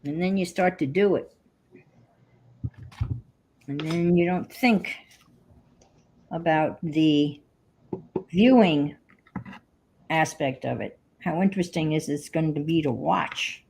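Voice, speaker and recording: Slow, gravelly woman chatting while crafting. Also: low-pitched, darkish tone. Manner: chatty, mutters to herself as she works. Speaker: craft livestream host. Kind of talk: casual chat while crafting.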